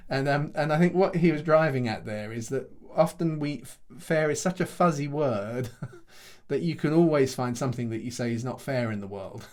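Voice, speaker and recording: A middle-aged man, a pastor answering questions after a teaching session in a halting, thoughtful way, restarting often and chuckling between points. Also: mid-range voice.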